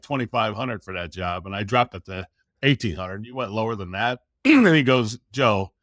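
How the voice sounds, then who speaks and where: Animated man telling a sales story. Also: on the low side, no room sound, studio quality. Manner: animated storyteller who acts out quotes. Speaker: podcast guest. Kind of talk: casual storytelling.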